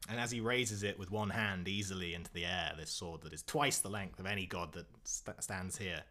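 A man's voice: low voice, brisk, pushed and bright. A man narrating a tabletop game as game master, describing scenes loosely with fillers.

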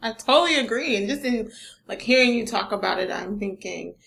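A woman's voice: on the high side, lively intonation, fairly quick, gravelly, fairly bright tone. A woman interviewing in a casual chat, upbeat and full of "you know" fillers.

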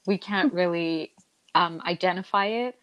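A woman's voice: on the low side, a little slow, fairly bright tone. A woman co-hosting a podcast, wry and self-deprecating in casual chat. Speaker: podcast co-host.

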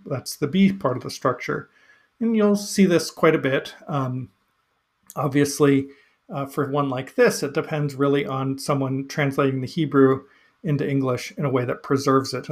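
A man who reads a psalm aloud, then talks it through in a relaxed, hesitant way with many fillers. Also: mid-range voice, normal speed. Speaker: podcast host reading psalms. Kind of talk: scripture reading and casual commentary.

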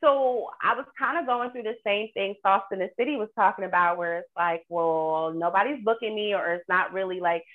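A woman's voice: medium pitch, fairly even intonation, fairly quick, few pauses. A woman comedian chatting casually on a podcast, telling stories animatedly and acting out her own quotes. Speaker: stand-up comedian and show producer. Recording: tinny phone-like line.

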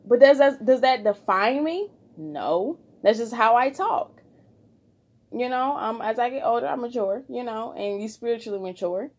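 A woman's voice: on the high side, animated, normal speed, a little mellow. A woman hosting her own podcast, giving an informal, heartfelt spiritual pep talk with lots of repetition. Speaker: podcast host. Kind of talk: casual spoken devotional encouragement.

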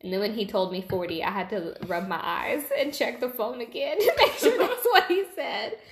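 A woman's voice: on the high side, lively intonation, normal speed, a little hiss or hum. A woman in her twenties co-hosting a casual chat, talkative and giggly, often trailing off mid-sentence. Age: 20s. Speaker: podcast co-host. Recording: echoey room.

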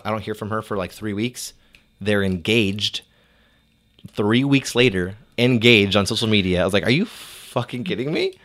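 A man's voice: deep voice, fairly bright tone. A young man telling a long story in casual, profane chat, with many "like"s and quoted dialogue. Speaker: storyteller guest.

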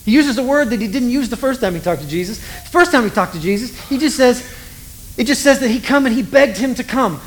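This rough recording captures a mid-range voice belonging to a preacher. They deliver a chatty, self-mocking sermon, spinning a scripture story with humor and teasing their own faith.

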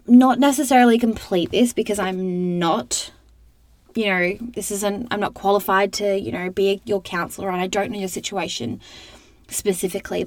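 A woman's voice: medium pitch, no room sound. Upbeat young woman hosting a podcast. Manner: chatty and upbeat, full of "like" and "you know". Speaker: podcast host. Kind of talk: casual motivational podcast monologue.

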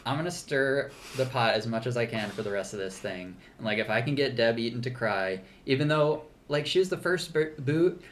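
A man's voice: mid-range voice, lively intonation, a little fast, hardly any pauses, a little hiss or hum. A man co-hosting a podcast, chatting casually through a show recap, laughing often and restarting his sentences with lots of fillers. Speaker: podcast co-host.

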